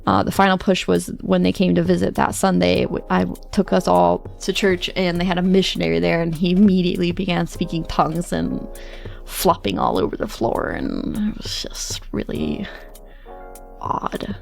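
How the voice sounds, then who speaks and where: A woman's voice: lowish voice, flat delivery, moderate pace, gravelly, darkish tone, soft background music. A woman streamer telling a long personal story in casual chat, chatty, quoting others and laughing often. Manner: chatty, tells stories with quoted asides, laughs often.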